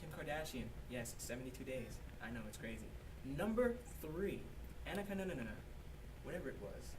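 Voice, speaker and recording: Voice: medium pitch, animated, fairly quick, lightly acted. A performer doing a self-important male academic author in a mock interview sketch, repeating "yes, yes" as he bumbles. Recorded on a distant mic with background noise. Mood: pompous.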